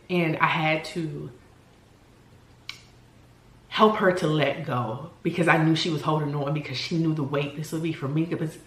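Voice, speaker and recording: A woman in her forties who talks candidly and earnestly in a personal vlog, often pausing to search for words. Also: low-pitched, roomy sound. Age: 40s. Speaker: vlogger.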